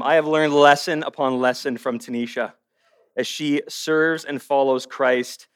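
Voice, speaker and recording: A man giving a sermon at a church service to a live audience. He jokes with the crowd and then preaches earnestly, swinging between hushed and forceful. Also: medium pitch, steady tone, a little slow, clear, resonant tone. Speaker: guest speaker.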